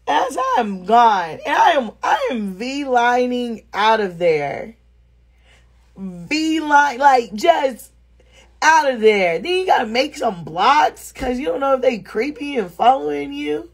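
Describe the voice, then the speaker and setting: A woman's voice: sits high, slow pace, husky. A woman telling a story on a live stream from home over her phone, talking bluntly with lots of swearing. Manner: blunt, animated, swears freely. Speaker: vlogger. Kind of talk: casual live storytelling to viewers.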